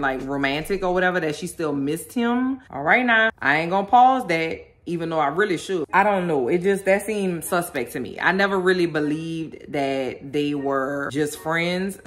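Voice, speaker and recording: A woman hosting a casual commentary vlog, animated and sassy, talking straight to her viewers. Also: sits low. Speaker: video host reacting to a documentary.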